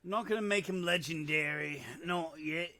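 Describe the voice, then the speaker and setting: A gamer with a slightly high, pushed and bright male voice gives casual gameplay commentary at a slow pace, muttering to himself and making self-deprecating jokes.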